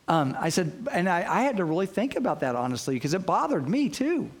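A man preaching a sermon, telling stories with lively acted-out quotes and frequent restarts. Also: high voice, fairly quick, few pauses, slightly rough. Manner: storytelling, acts out quoted voices, frequent restarts. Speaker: pastor.

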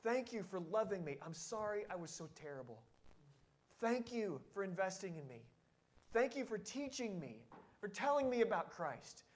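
Hushed grown child thanking his mother, as a man acts it out in a sermon, soft, earnest, high-pitched. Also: sing-song, moderate pace. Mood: grateful.

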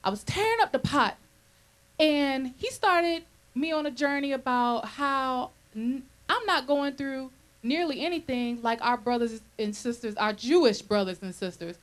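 Woman minister, conversational preacher; animated, chuckles between points, slightly high voice. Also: low-quality recording. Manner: animated, checks in with listeners often. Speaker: minister leading a Bible study.

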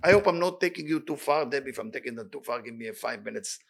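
Fast, excitable man teaching Torah. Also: medium pitch, gravelly. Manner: reads Hebrew quickly, then translates in plain talk; animated, excitable delivery. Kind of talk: weekly Torah study class.

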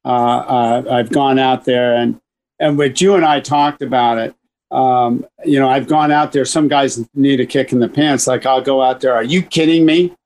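A man's voice: medium pitch, fairly even intonation, moderate pace, a little mellow, rough recording. A man who coaches and manages a baseball team, telling stories in a chatty, rambling way with many restarts on a radio interview.

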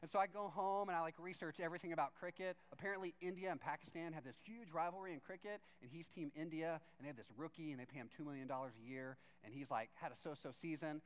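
Animated storytelling man with a high, smooth voice. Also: quick pace, few pauses. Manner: animated, acts out both sides of conversations; chatty, leans on "like" as filler. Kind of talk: storytelling sermon.

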